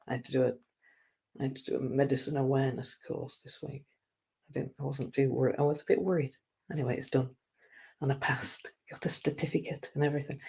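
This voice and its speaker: A woman's voice: deep voice, a little mellow, husky. A woman hosting a live stream, rambling through a casual monologue in a chatty, self-mocking way and laughing often.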